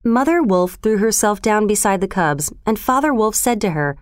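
A woman narrating a storybook in a steady, expressive reading voice. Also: mid-range voice, moderate pace, few pauses, no echo, studio quality.

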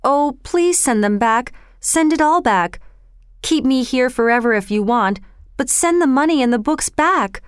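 A woman's voice: moderate pace, clear, resonant tone, lightly acted. A woman doing a frightened, tearful young boy. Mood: pleading. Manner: high, trembling and tearful. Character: young boy, frightened and pleading, near tears.

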